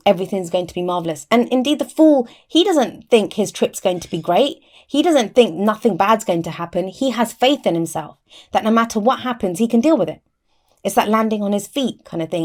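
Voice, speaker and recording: A woman's voice: mid-range voice, a little mellow. A woman giving a casual tarot reading to camera, chatty and explaining each card, often restarting her sentences, with a microphone close by. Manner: chatty, explains cards with frequent restarts and "I always say". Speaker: tarot reader. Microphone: mic within reach of her arm.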